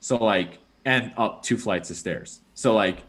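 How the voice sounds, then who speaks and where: A young man with a lowish voice chats casually on a podcast. He rambles through a story, stacking fillers like "like" and "dude" as he goes. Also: a little slow, fairly bright tone. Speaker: podcast host. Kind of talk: casual chat.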